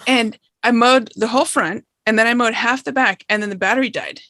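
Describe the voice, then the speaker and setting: A woman hosting a podcast interview, an attentive listener who gives frequent soft affirmations. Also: a little high, a little fast, dry recording. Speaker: podcast host. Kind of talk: conversational interview.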